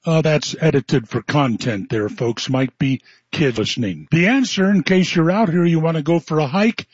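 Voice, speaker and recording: Wry storytelling radio host, dry and dull. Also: male voice, on the high side, moderate pace, breathy edge, no echo. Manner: folksy, wry storytelling with acted quotes. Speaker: radio talk show host. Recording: muffled, dry radio broadcast.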